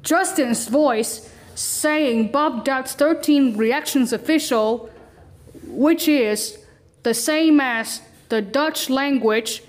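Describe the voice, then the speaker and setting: A woman hosting a reaction video, talking in a casual, unhurried and loosely rambling way. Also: high-pitched.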